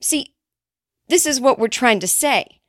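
Speaking a little slowly, a high-voiced woman hosts a comedy podcast, delivering an animated, sarcastic, profanity-laced rant. Quoted people get shrill, mocking impressions. The recording is dry and close-miked, with no surrounding room.

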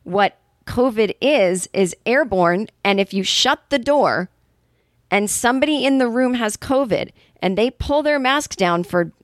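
A woman's voice: medium pitch, no room sound, studio quality. A woman with a Boston accent hosting her podcast, a stand-up comedian ranting in a casual, exasperated, profane monologue.

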